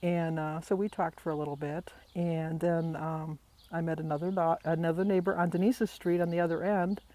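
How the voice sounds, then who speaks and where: Chatty older woman vlogger, low mellow voice. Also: flat delivery, normal speed, no room sound. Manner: chatty, rambling storyteller. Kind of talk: casual vlog chat.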